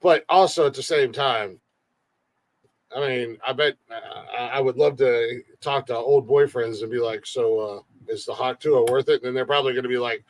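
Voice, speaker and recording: A man hosting a casual comedy podcast stream, rambling through plugs and jokes and laughing often. His voice sits at a middle pitch, recorded close and dry with no room sound. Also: moderate pace, no echo. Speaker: podcast co-host. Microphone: livestream mic.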